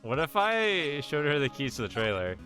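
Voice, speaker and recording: Animated, bright-voiced young man streamer. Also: a little high, moderate pace, soft background music. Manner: casual, swears freely, reacts loudly. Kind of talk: live game playthrough commentary.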